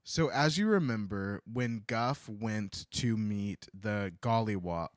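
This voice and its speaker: A man's voice: on the low side, slow pace, dry recording, studio quality. A male podcast co-host recapping a book chapter in casual, rambling chat.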